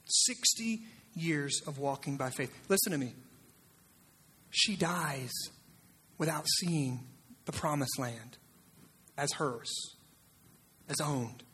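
A man preaching a sermon as pastor, animated, swinging between loud shouts and hushed near-whispers. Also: fairly high pitch, takes it slowly, pauses often, breathy edge.

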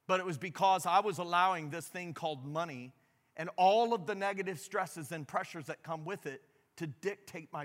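A man preaching a sermon, earnest and emotional, his voice dropping soft and low as he reads aloud. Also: long reverb tail. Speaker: pastor. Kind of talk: sermon with a read-aloud passage.

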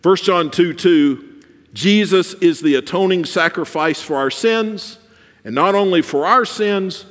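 Male pastor preaching, high voice, long church reverb. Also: normal speed. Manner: preaching with swings between soft and emphatic. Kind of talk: sermon.

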